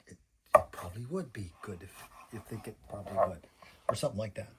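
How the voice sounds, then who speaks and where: Chopping and loud background noise fill the kitchen as an older man, a grandfather, patiently walks a child through cooking step by step and jokes along the way. His voice is on the low side, expressive and quick-paced.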